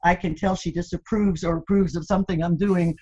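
A woman's voice: lowish voice, steady tone, fairly quick, mellow, breathy edge, lo-fi sound. Chatty older woman telling laughing stories. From Florida, USA. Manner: chatty storyteller, laughs often. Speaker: guest. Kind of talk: casual interview chat.

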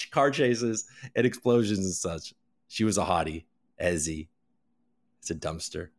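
A man hosting a live crypto news show, talking casually, joking and laughing often, with loud bursts and muttered asides. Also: low-pitched. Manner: animated, joking, quick to laugh; swings between loud bursts and mumbled asides. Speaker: host.

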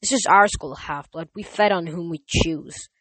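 A centuries-old demon cheerleader taunts her prey with a sneer, as the reader of this audiobook puts her on. Cruel and mocking, she speaks from a small, dry-sounding space. Her pitch sits in the middle range. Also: normal speed, sharp tone, dry recording, lightly acted, poor audio. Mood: menacing. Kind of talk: audiobook reading.

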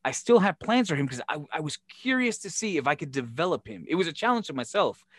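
A man's voice: fairly high pitch, quick pace. A man telling backstage stories in a casual podcast chat, swearing freely and acting out the exchanges he recalls. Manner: profane, animated storyteller who acts out quoted exchanges. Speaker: former wrestling promoter and show booker.

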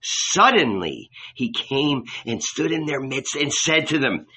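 Slow, bright-voiced male narrator. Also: mid-range voice, expressive, slightly rough. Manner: measured storytelling. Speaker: audiobook narrator. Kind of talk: scripted narration. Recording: dull lo-fi recording.

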